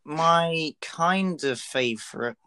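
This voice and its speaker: A man's voice: a little high, slow pace, sharp tone, clean tone. A nineteen-year-old man co-hosting a casual podcast chat, dry and blunt, often correcting his friend. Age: teens. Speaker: podcast co-host.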